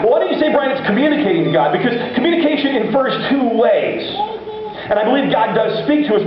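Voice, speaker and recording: A male pastor giving a sermon, telling Bible stories in a lively, casual way and acting out the voices. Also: high voice, noisy background. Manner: animated storytelling preacher, acts out voices. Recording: echoey dull room recording.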